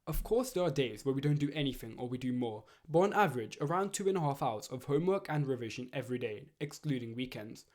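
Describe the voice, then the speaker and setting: Teen boy reading out study tips, earnest and steady, normal pitch. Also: quick pace, few pauses. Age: teenager. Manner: earnest, steady, read-aloud delivery. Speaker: student giving study advice. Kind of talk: scripted educational narration.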